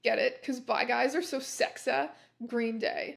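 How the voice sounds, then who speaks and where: A woman reading a fan fiction aloud in an expressive, comedic way with deadpan asides. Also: on the high side, measured pace, vocal fry, few pauses.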